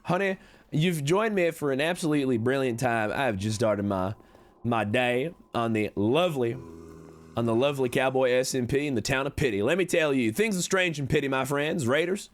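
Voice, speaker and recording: A man streams a game while playing a chatty cowboy con man, reading chat in folksy talk with sudden high, excited jumps.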